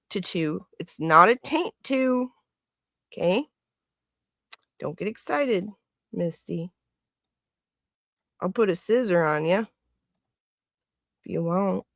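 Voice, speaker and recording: A woman's voice: mid-range voice, vocal fry, a bit bright, no room sound, studio quality. A woman hosting a casual livestream, chatting and laughing often as she greets viewers by name. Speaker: livestream host.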